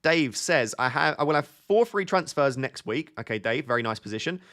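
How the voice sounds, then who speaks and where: A man's voice: mid-range voice, lively intonation, brisk, fairly bright tone. A man chatting casually on a live stream, reading out viewer questions and answering them. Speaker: fantasy football streamer.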